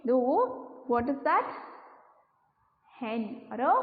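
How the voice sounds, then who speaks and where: A woman's voice: high-pitched, big pitch swings, extremely slow, pauses often. A woman teacher with an Indian English accent giving a lesson to young children in a sing-song, coaxing way, imitating animal sounds. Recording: phone-quality audio in an echoey room.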